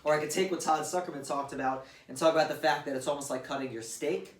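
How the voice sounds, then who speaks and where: A man's voice: fairly high pitch, fast talker. A man teaching drum grooves in a casual demo, counting beats aloud and explaining plainly at his kit. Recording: roomy and distant, loud drums behind. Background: loud drum playing.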